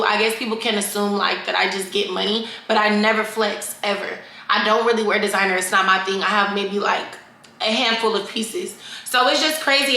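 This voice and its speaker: Casting note: young woman vlogger, bold and bright, unfiltered and chatty, recorded in a roomy space. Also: medium pitch. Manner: candid, profane, animated, addresses viewers as y'all. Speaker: vlogger answering fan questions. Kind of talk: casual Q&A chat to camera. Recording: echoey room.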